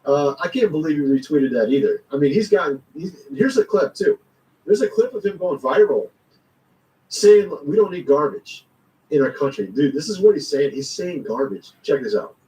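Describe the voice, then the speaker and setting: Casual vlogger, man, higher voice, rambling slangy delivery, sits a bit off-mic. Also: expressive, moderate pace, mellow, far from the mic, poor audio. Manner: rambling, slangy, chuckles often. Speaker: commentary vlogger. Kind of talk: casual political commentary.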